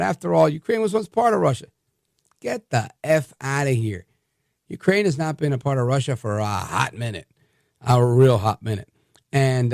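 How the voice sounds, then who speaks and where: A male radio host delivers heated, opinionated commentary in a gravelly voice. He stumbles and restarts as he pushes his points. The studio sound is close and dry. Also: mid-range voice, dry recording. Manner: animated and combative, many restarts. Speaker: radio talk show host.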